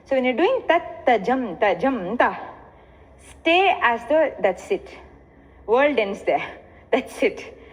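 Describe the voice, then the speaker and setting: An Indian-accented woman teaches dance, her voice fairly high and lively as she moves between explanation and rhythmic chanted syllables. The sound is muffled and lo-fi, with a long echo as if from a hall. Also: slow pace, pauses often. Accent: Indian English.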